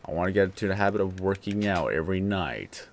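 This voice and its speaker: Man, very deep voice, relaxed, rambling, casual livestream host. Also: fast, a little hiss or hum. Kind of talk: casual late-night livestream chat.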